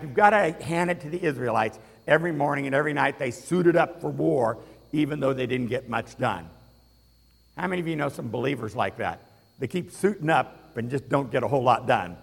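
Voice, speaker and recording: A man pastor preaching a lively sermon in a church, getting the congregation to repeat lines aloud. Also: mid-range voice, creaky. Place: church sanctuary. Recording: reverberant hall.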